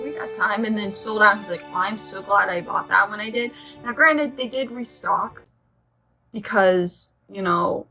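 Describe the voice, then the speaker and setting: A woman's voice: a little high, sharp tone. A young woman chatting casually as she reviews her nail polish collection, gushing and rambling into side stories.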